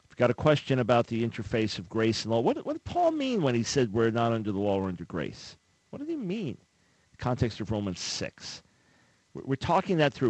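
A man's voice: mid-range voice, no room sound, poor audio. A man hosting a radio call-in talk show, speaking in an earnest, conversational way on a studio microphone. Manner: earnest, conversational, acts out imagined callers.

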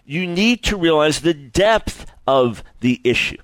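A man preaching a sermon in an earnest, lively way, often repeating words and stumbling as he builds his point. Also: a little high, unhurried, no echo.

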